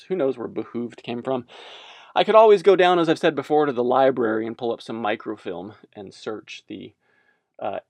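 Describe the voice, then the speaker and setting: A man's voice: lowish voice, creaky, darkish tone, no echo. A man giving casual religious commentary as a podcast host, rambling and self-amused, wandering off on tangents.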